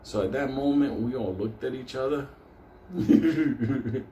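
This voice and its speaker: A man's voice: medium pitch, slow pace, warm tone, dull audio, slight background noise. A man hosting his own show, telling a story in casual, heavily profane speech, laughing often as he goes, recorded with a roomy echo. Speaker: host.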